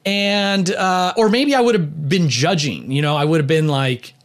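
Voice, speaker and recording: A man's voice: a little high, normal speed. A man talking about leadership and personality in a casual storytelling monologue, with lots of "you know" fillers and light chuckles. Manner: conversational, many "you know" fillers, chuckles while telling.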